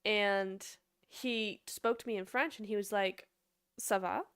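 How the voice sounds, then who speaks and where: Young woman, esports caster, casual livestream chat, bubbly and chatty, smooth voice, dry close mic. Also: medium pitch, fairly even intonation, a little slow, fairly bright tone, no echo. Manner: bubbly, chatty, laughs often, talks to chat. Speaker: esports caster and analyst streamer.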